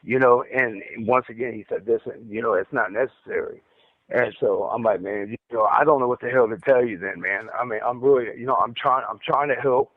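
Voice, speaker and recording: A man who stutters, telling a long rambling story over a phone call, halting and repeating his words as he goes. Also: mid-range voice, no room sound. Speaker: caller recounting an interrogation. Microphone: phone handset. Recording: tinny dry phone line.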